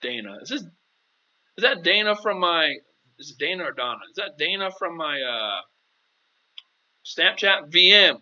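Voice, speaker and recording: A man's voice: on the high side, big pitch swings, a little slow, long pauses, bright, forceful tone, dull audio. A man hosting a casual live-stream Q&A as a dating coach, chatty and playful, calling viewers "girl".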